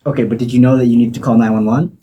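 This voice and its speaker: A man's voice: medium pitch, fairly even intonation, racing, warm tone, breathy edge. A man hosting a casual interview, reacting with short exclamations and questions. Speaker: podcast host.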